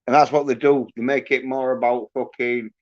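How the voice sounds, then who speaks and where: A man hosts a livestream, ranting with constant, heavy swearing in a medium-pitched, fairly flat voice at normal speed. There's no room sound, and the stream audio is dull and lo-fi.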